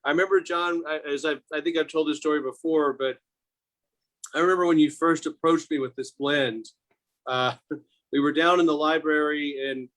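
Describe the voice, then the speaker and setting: Halting man, slightly high voice. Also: steady tone, a bit bright. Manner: halting, many restarts and fillers. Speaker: winery owner. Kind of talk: casual tasting chat.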